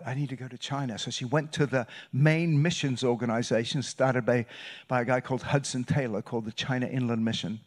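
A man preaching a sermon as a guest pastor, telling a story with loud bursts and hushed, quiet passages. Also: mid-range voice. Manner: animated, shifts between loud bursts and hushed retelling. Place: church sanctuary.

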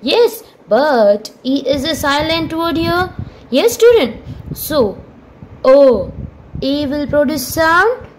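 Slow, echoey Indian English teacher. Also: female voice, animated, a little hiss or hum. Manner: slow, spelling out letters and sounds, with high questioning prompts. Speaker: primary school English teacher. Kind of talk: phonics lesson for young children. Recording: echoey room with long reverb.

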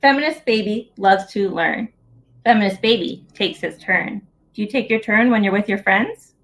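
A woman's voice: mid-range voice, moderate pace, vocal fry. Playful woman reading to children. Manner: playful, sing-song, talks to young children. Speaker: children's book author reading aloud. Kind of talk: story hour read-aloud for children. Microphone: video call.

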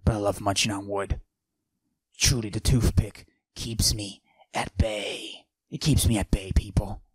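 A man doing a cocky macho character who forces his voice deep and breathy, in a comedic podcast monologue. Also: fairly even intonation, unhurried, no room sound. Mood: swaggering. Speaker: podcast host.

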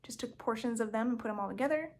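A woman with a slightly raised pitch talks through her craft projects in a casual home vlog. She rambles, corrects herself and fills pauses with ums, recorded on a camera mic in a room at home. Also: darkish tone, a little hiss or hum. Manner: chatty, rambling, self-correcting with frequent ums. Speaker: cross stitch vlogger. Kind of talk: casual show-and-tell vlog.

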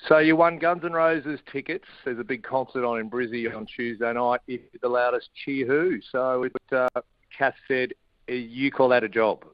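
A man's voice: mid-range voice, steady tone, moderate pace, no echo, dull audio. A middle-aged Australian man chatting casually as a radio guest, telling jokey stories from his home studio in a shed. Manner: laid-back, jokey storytelling. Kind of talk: casual chat.

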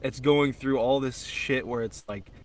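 A man's voice: mid-range voice, unhurried, a little hiss or hum. A young man co-hosting a podcast, chatting casually and swearing freely, full of fillers and restarts as he gushes about a film. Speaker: podcast co-host. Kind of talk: casual chat.

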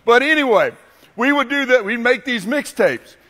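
A pastor preaching a sermon, a man telling stories with animation and then turning quiet and earnest. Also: very high voice, lively intonation, normal speed, long reverb tail.

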